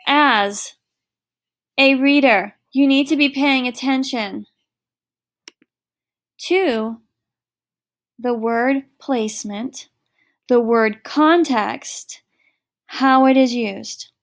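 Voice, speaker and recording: A middle-aged woman teacher records an online lesson for her students. She speaks at an unhurried, deliberate pace in a slightly high voice. She explains patiently, leaning on everyday examples.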